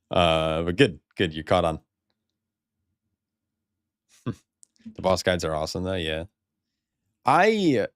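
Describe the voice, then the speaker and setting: Low-pitched American guy, laid-back game streamer, swears freely, dry close-up sound. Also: clear, resonant tone, no echo. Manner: loose, rambling, swears a lot, laughs often. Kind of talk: casual live-stream chat.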